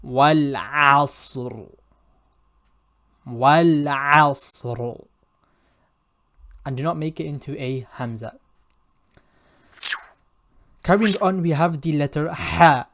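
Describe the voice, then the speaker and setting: A man leads a pronunciation lesson as a recitation teacher, speaking in a measured, deliberate way. He stretches out each example sound slowly so it can be heard clearly. When he points out common errors, his tone turns firm and corrective. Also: on the high side.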